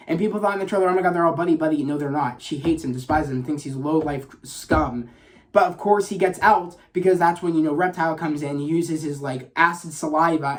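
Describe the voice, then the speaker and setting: A man giving a casual spoiler review of a film in a vlog, excited and rambling, with many fillers, restarts and swearing. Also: fairly high pitch.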